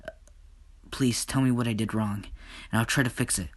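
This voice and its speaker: A man's voice: mid-range voice, steady tone, moderate pace, close to an everyday voice. A man voicing a nervous angel guard who hesitates and stammers. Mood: hesitant.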